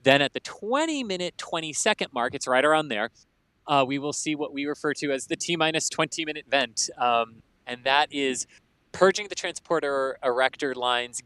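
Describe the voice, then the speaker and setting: A man's voice: mid-range voice, sharp tone, clear, resonant tone, dry recording. A man giving methodical, explanatory technical commentary on a rocket launch.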